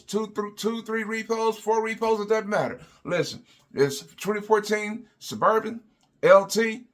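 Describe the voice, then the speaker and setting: A man putting on the voice of a pushy, overeager used-car dealer giving a loud hard sell. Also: full character voice. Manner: hard-selling, high and loud.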